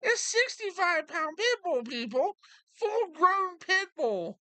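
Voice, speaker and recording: A man putting on a squeaky spoiled pit bull. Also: big pitch swings, takes it slowly, pushed and bright, dry recording, exaggerated voice. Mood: proud. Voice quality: high squeaky voice. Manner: giggly, talking about chicken. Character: spoiled chubby pet pit bull, cheerful and greedy.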